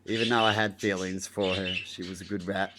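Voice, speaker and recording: Rambling Australian man, lowish voice. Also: level tone, brisk, heavy background noise. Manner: rambling, acts out scenes with loud exclamations. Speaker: vlogger. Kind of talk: casual storytelling.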